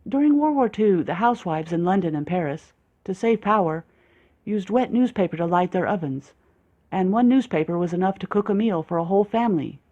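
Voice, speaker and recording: An audiobook reader voicing an excitable, morbidly romantic young woman who gushes with breathless enthusiasm. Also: mid-range voice, fairly quick, highs cut off, lightly acted. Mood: matter-of-fact. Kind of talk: audiobook character voice.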